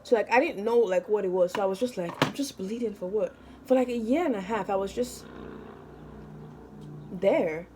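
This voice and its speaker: A woman's voice: mid-range voice, normal speed, pauses often, background noise. A young woman talks straight to her viewers in a loose get-ready-with-me vlog. She rambles through a story with constant fillers and breaks into laughter often. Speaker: vlogger.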